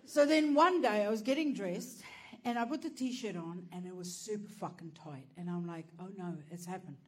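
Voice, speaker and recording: A woman's voice: medium pitch, moderate pace. A woman telling a stand-up comedy story in a crude, profane, self-mocking way. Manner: lively, animated delivery.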